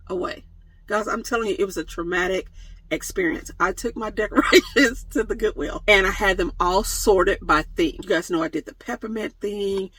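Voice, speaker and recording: A woman's voice: medium pitch, moderate pace, a bit bright, slightly rough, no echo, low-quality recording. A woman vlogger answering viewer questions in a casual chat, playful and laughing often, with mock-dramatic jokes, filmed on a phone camera. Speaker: van life vlogger. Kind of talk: casual Q&A vlog.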